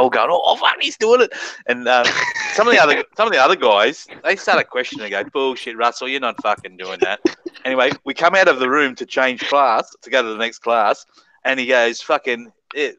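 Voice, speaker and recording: An Australian man spinning a foul-mouthed story for friends in an online voice chat. His pitch jumps all over and his tone is bright and forward. The sound is close and dry, like a headset mic. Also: no room sound, muffled recording. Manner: crude, swears heavily, laughs through his story.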